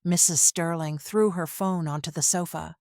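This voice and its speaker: A woman narrating a dramatic family story in an even, measured reading style. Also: lowish voice, dry recording, clean studio sound. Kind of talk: scripted narration.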